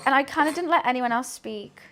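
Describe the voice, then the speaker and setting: A young British woman streaming from her kitchen while she cooks, telling rambling, excitable stories and laughing often. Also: sits high, brisk, slight background noise. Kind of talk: casual chat while cooking on a livestream.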